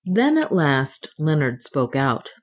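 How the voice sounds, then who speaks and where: An audiobook narrator reading a classic novel in a measured, even storytelling manner. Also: mid-range voice. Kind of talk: scripted narration.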